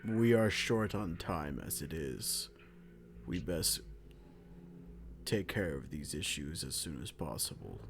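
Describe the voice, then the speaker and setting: A man's voice: rumbling low, lively intonation, slow pace, gravelly, long pauses, background noise, voice pushed down, full character voice. A man voicing a grave adventurer who speaks in stiff, old-fashioned phrasing in a tabletop game. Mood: resolute.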